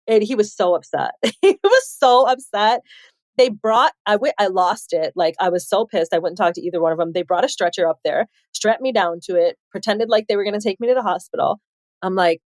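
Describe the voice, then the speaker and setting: A woman in her forties from Chicago, telling her life story as a podcast guest, animated and laughing often as she acts out quotes. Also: medium pitch, brisk, no room sound, studio quality. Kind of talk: candid storytelling interview.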